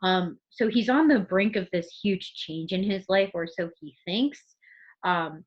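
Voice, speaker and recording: A woman's voice: medium pitch, unhurried, breathy edge. A woman teacher co-hosting a casual literature podcast, thinking aloud and reading passages from the book. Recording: muffled recording.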